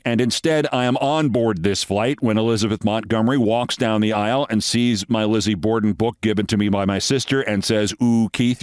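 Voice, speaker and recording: An older man hosting a show, telling a long anecdote in a lively way and acting out the dialogue. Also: fairly low pitch, clean tone, no room sound, studio quality. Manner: lively storyteller, acts out quoted dialogue. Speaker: host. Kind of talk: storytelling anecdote.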